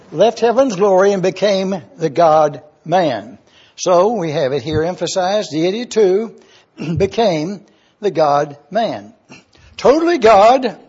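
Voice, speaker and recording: A man preaching a teaching sermon, slow and deliberate, repeating key words and often clearing his throat. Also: sits high, a little mellow. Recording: dull lo-fi recording.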